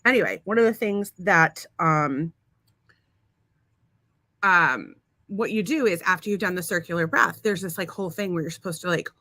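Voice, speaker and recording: A woman's voice: fairly low pitch, moderate pace, pauses often, pushed and bright, no room sound. A woman co-hosting a podcast in casual chat, blunt and profane, laughing often. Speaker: podcast co-host.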